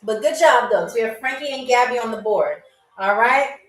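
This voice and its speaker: A woman hosting a live-streamed game show, teasing viewers and reading their comments aloud, and saying foreign phrases very slowly. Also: a little high. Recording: roomy, mic at a distance, faint music.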